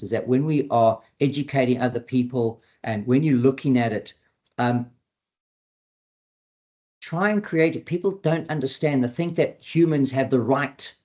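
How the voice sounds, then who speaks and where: A man's voice: medium pitch, highs cut off. A man who trains dogs giving an earnest educational webinar talk, repeating his key points and acting out quoted dialogue. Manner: acts out quoted dialogue in a lively voice. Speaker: dog behavior trainer.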